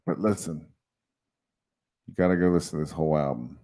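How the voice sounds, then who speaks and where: A man's voice: a bass voice, brisk, mellow. A man hosting a casual livestream, rambling and chatty and often laughing as he talks. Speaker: livestream host.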